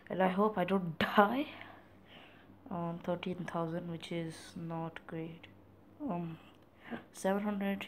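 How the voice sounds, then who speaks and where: A man casually commenting on his own gameplay in a playful, chatty way, sometimes dropping into soft whispery asides. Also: high-pitched, a little hiss or hum. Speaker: gaming channel host.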